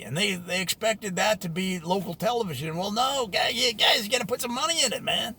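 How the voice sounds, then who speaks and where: A man in an animated, jokey, exasperated ranting monologue about local media. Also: high-pitched, a little fast, hardly any pauses, breathy edge. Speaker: media commentator.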